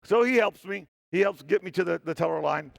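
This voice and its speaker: A man telling an animated, joking story during a conference talk on stage, often poking fun at himself. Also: high voice, fairly quick, creaky, dry recording. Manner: animated, joking, self-deprecating. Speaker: security tester giving a talk. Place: stage in a hall.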